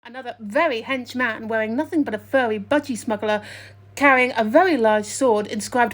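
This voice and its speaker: Woman, comic storyteller, fairly high voice, playful deadpan asides. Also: moderate pace.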